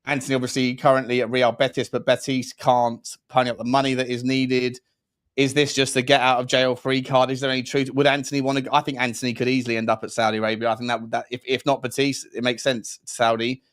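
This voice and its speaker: A man's voice: medium pitch, level tone, fast talker, fairly bright tone, no echo. Rambling male co-host, dry close sound. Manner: rambling, restarts, addresses viewers and co-host as mate. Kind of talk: casual football chat.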